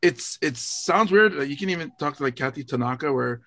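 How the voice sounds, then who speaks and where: A man's voice: on the high side, a little fast, dry recording, studio quality. A male comedian with a Hawaii accent, chatting on a podcast and acting out his own lines as he tells stories. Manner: animated storyteller, acts out his own lines. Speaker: guest comedian. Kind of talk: casual podcast chat.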